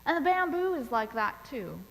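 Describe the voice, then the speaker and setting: A woman pastor preaching a sermon in a church, telling a story in a deliberate, measured way. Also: high-pitched, sing-song, long reverb tail, poor audio. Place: church sanctuary.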